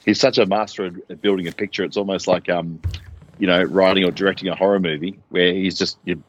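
A man co-hosting a casual album discussion, speaking in a measured, thoughtful way with some fillers. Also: deep voice, fairly even intonation, highs cut off. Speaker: podcast co-host.

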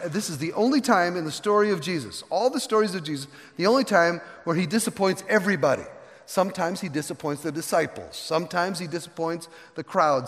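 An older man preaching a sermon as pastor, telling the story with animated, folksy asides and acting out the characters. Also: a little high. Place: church sanctuary. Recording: long reverb of a large hall.

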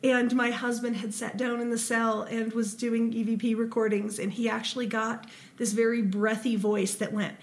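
A woman from Ohio co-hosting a casual podcast, her voice sitting a little high. She tells her stories at length, loose and full of ums. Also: level tone, normal speed. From Ohio, USA. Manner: chatty storyteller with frequent ums and laughs. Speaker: podcast co-host. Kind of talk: casual chat.

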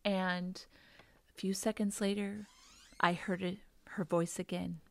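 A woman in her thirties or forties sharing an emotional faith testimony, earnest and sometimes hushed. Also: fairly low pitch, flat delivery, measured pace, creaky. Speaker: guest sharing her story.

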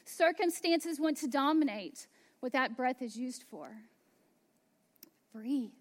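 A woman pastor in her thirties preaching a sermon, slow and emphatic, dropping to hushed asides. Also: high voice, animated.

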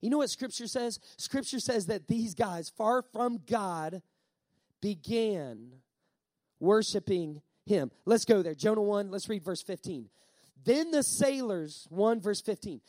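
A male pastor preaching a sermon, emphatic, repeating key lines and slowing down on words for effect. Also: high-pitched, lively intonation, warm tone, no room sound.

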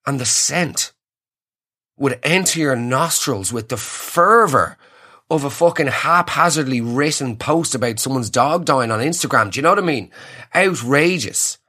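A man's voice: mid-range voice, animated, a little slow, sharp tone. An Irish man hosting a comedy podcast, ranting sarcastically and riffing on listener messages. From Ireland. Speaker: podcast host. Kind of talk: comedic rant.

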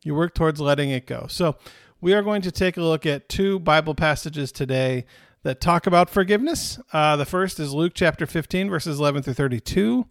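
Male pastor, sermon, conversational delivery, slightly high voice, dry sound. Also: moderate pace, dry recording. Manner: conversational, repeats phrases for emphasis.

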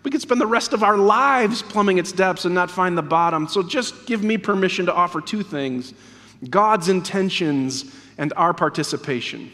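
A man preaching a sermon after a scripture reading, dramatic and slowing down to stress his words. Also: sits high, fairly bright tone, long reverb tail.

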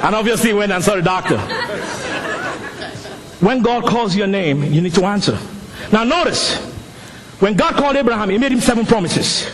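Animated high-voiced male preacher. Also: normal speed, long pauses, a faint crowd. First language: not English. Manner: animated storytelling, rising to shouts. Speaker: pastor. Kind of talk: sermon.

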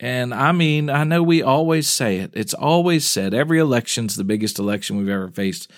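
A man's voice: medium pitch, lively intonation, brisk, no echo, clean studio sound. A male pastor giving a casual weekly podcast update, chatty and informal, with small laughs.

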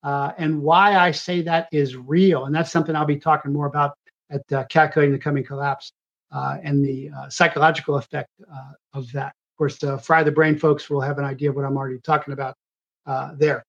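A man hosting a live political commentary show, rambling in a halting way with constant uh and um fillers and self-corrections. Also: a little high, flat delivery, vocal fry, fairly bright tone, lo-fi sound. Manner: halting delivery full of uh and um fillers.

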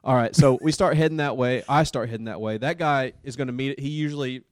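A man who works as a paramedic tells a story in a casual, animated way, with lots of fillers like "dude" and "man". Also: medium pitch, fast talker, dry recording, studio quality. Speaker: paramedic and podcast host.

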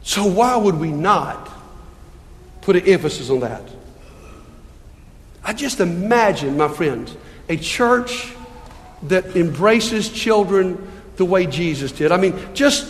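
A man's voice: fairly high pitch, expressive, a little slow. A man preaching a sermon as a pastor in a church, earnest and pleading, full of rhetorical questions. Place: church sanctuary. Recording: long reverb of a church hall.

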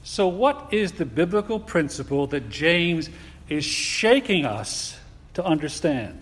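A man preaching a sermon in a deliberate, emphatic way, asking his listeners rhetorical questions. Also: a little high, very animated, slightly rough. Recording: long hall reverb.

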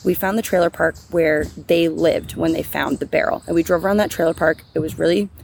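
A woman co-hosts a true crime podcast in a lowish, gravelly voice with plenty of vocal fry. She reads the case steadily from a script, then slips into loose, chatty talk full of restarts. Faint noise hums underneath her voice. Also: steady tone, fairly quick, darkish tone. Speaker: podcast co-host.

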